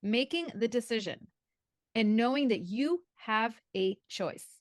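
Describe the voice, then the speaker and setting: A woman guest and coach in a podcast interview, telling stories and acting out her own past thoughts in quick little voices. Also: on the high side, no echo. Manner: animated storyteller who acts out her own past thoughts.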